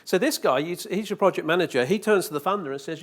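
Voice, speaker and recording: A conference speaker with a high-sitting voice talks quickly through a live presentation in a conference hall, kidding with listeners and asking rhetorical questions.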